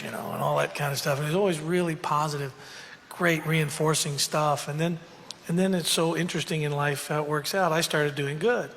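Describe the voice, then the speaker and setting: A man's voice: fairly high pitch, fairly even intonation, brisk, vocal fry, a bit bright, big-room sound, a little hiss or hum. A man telling a rambling, humorous story full of fillers and asides. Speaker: country singer telling a story. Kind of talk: casual storytelling to an audience.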